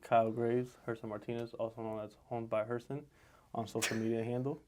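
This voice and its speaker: A man's voice: medium pitch, little pitch movement, brisk, background noise. A man in his twenties from the Dominican Republic, co-hosting a casual podcast in a laid-back, joking way. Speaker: podcast co-host, realtor. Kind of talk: casual chat.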